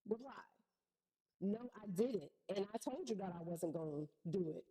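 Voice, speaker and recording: A woman with a dark, mellow voice at a middle pitch tells a personal story in casual chat. She speaks in relaxed slang and acts out what people said. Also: moderate pace, low-quality recording. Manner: animated, slangy retelling with acted-out quotes. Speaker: co-host telling a story.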